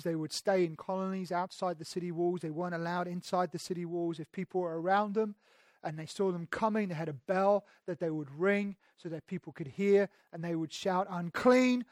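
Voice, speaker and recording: In a fairly high voice, a male pastor delivers a sermon full of dramatic swings, raising his voice for emphasis, then dropping to an intimate hush. He frequently restarts or repeats phrases, and the audio sounds close and dry with no echo.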